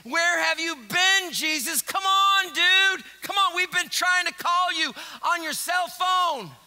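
A man's voice: very high voice, takes it slowly, big-room sound, voice pushed up, heavily acted. A preacher doing an exasperated male disciple. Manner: loud, incredulous, nagging. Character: exasperated male disciple scolding his friend.

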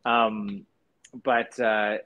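A male actor, a guest in a casual interview, talking in a relaxed and candid way, acting out quotes as he goes. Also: on the low side, drawn-out words, phone-quality sound. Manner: relaxed and candid, with frequent restarts and acted-out quotes.

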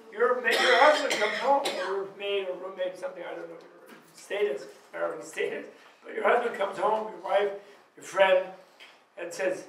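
A high-voiced Buddhist teacher gives an informal dharma talk at a retreat, laughing often as he tells stories animatedly and acts out quoted voices. The recording sounds far off in an echoey room.

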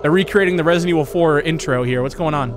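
Excitable young man gaming host. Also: a little high, fast. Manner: excitable, chatty, jumpy reactions. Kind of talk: let's-play commentary.

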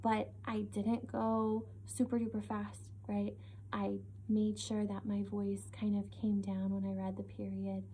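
A young adult woman teacher giving a reading lesson to young children, expressive and encouraging, checking in with little questions. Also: medium pitch, measured pace, slight background noise.

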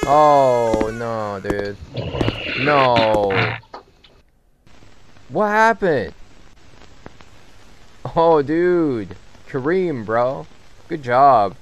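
A man giving casual commentary while playing a horror game, swearing a lot and getting jumpy and loud when something startles him. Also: mid-range voice, big pitch swings, drawn-out words, long pauses, low-quality recording. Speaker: gamer and channel host. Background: game music.

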